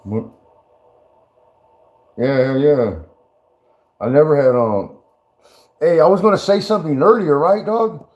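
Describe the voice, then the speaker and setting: A man's voice: a little high, unhurried, long pauses, darkish tone, muffled recording. A man telling stories in rambling, profane casual talk, stammering and restarting often and breaking into laughter. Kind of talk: casual storytelling.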